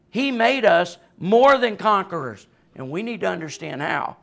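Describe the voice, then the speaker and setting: Passionate preaching man, high and gravelly. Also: lively intonation, slow, long pauses, a bit bright. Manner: passionate, emphatic preaching with frequent rhetorical "right?"; laughs often between lines. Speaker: pastor. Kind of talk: sermon.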